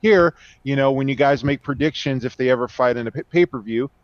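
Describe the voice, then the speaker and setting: A man's voice: mid-range voice, fairly quick, dry recording. A laid-back man co-hosts a podcast in easy chat, agreeing often and drawing out his thoughts. His voice sounds dull and lo-fi, with a very dry, close sound. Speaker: podcast co-host. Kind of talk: casual chat.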